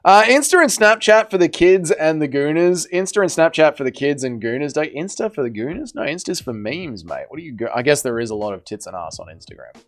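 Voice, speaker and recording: A man's voice: fairly high pitch, sing-song, brisk, few pauses. A man hosting a livestream, casually reading out chat with blunt, swearing jokes. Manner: joking, blunt, swears, trails off quietly. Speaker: livestream host.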